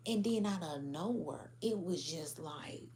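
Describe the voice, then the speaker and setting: Woman tarot reader, AAVE slang, dark warm tone, faint hiss behind. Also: lowish voice, lively intonation, a little slow. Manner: blunt, profane, laughing, slangy. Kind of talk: casual tarot reading to viewers.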